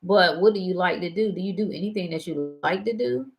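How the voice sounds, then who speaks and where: A woman hosting a casual talk show, animated and prone to laughing and wandering into stories. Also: lowish voice, fairly quick, lo-fi sound. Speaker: host. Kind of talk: casual chat.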